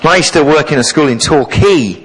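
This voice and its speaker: A man preaching a sermon as the new vicar, telling lively stories from his teaching days to the congregation. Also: a little high, brisk, slightly rough, long reverb tail, rough recording. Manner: jovial, animated storyteller. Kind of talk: sermon with storytelling. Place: church.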